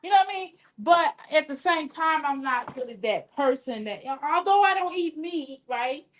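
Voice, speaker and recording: A woman speaks as a guest in a relaxed conversation, her voice high and swinging widely up and down. She tells stories with gusto and puts on voices for the people in them. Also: normal speed. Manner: animated storyteller, acts out voices. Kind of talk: casual group chat.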